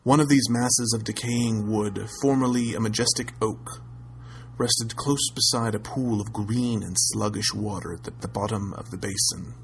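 A man narrating a classic tale aloud in a measured, steady storytelling manner. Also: fairly low pitch, gravelly, a little hiss or hum, rough recording. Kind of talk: audiobook reading of a classic tale.

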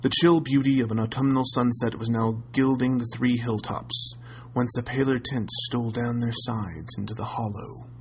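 A man narrating a classic tale aloud in a measured, steady storytelling manner. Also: medium pitch, a little hiss or hum, rough recording. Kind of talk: audiobook reading of a classic tale.

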